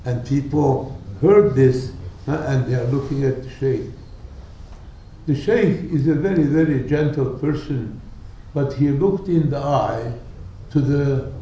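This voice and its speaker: A man preaching a sermon, telling stories slowly and deliberately and acting out the people in them. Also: fairly high pitch, mellow, slight background noise. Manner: slow, deliberate storytelling with dramatic quoted voices. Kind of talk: sermon storytelling. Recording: echoey hall, speaker far from mic.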